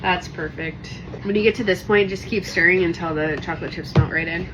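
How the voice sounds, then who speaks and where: A woman's voice: on the low side, fairly quick, muffled recording, background noise. A young woman with a Midwestern accent, chatting and teasing while demonstrating a recipe in a home kitchen. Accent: Midwestern American. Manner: chatty, teasing, laughs often. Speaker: cooking vlogger. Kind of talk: casual cooking demo chat.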